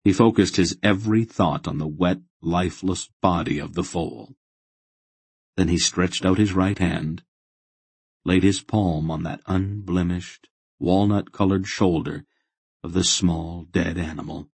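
A man reading a fantasy novel aloud in steady, measured narration. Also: deep voice, gravelly, breathy edge, dry recording. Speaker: audiobook narrator. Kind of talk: scripted narration.

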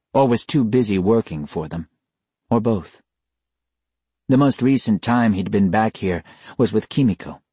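A man reading a novel aloud in measured, scripted narration. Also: low-pitched, dark tone, husky, no room sound. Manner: measured storytelling. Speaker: audiobook narrator.

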